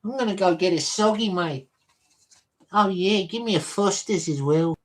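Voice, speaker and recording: A man's voice: high-pitched, moderate pace, voice pushed up, natural voice. A man putting on a broad Australian bloke. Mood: jolly. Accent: put-on Australian. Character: brash adult male Australian bloke fishing.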